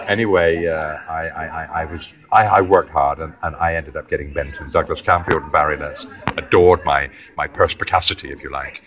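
An English man in his seventies with a deep voice, rambling through long anecdotes as an interview guest. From England. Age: 70s. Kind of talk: anecdotal storytelling. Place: indoors near a corridor.

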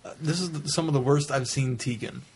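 A man's voice: mid-range voice, fairly quick, a little mellow, breathy edge. A man co-hosting a casual chat, wry and teasing. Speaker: podcast co-host.

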